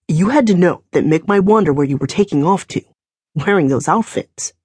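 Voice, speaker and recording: A woman's voice: on the low side, expressive, normal speed, darkish tone, husky, dry recording. A woman voicing a soothing, persuasive dealmaker man. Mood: reproachful. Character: smooth-talking man brokering a deal, calm and persuasive.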